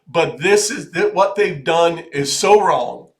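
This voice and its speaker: A man hosting a video, giving casual political commentary in an earnest, halting way with many restarts that turns emphatic. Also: on the high side. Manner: grows emphatic and urgent. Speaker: video host.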